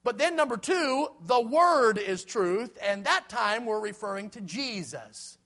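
A man preaching an evening sermon, earnest and repetitive, slowing right down when he quotes scripture. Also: high voice, expressive, bright, forceful tone.

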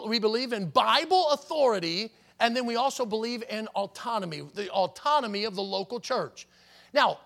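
A man's voice: extremely high pitch, creaky, bright, forceful tone. A man preaching a sermon as pastor, emphatic and stressing key words, with frequent restarts.

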